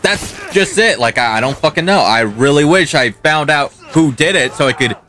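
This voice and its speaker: A young gaming channel host swears and rants through let's play commentary on his own gameplay, talking back to the game. His fairly high voice is bright and forceful with lively intonation at normal speed, and faint music plays behind.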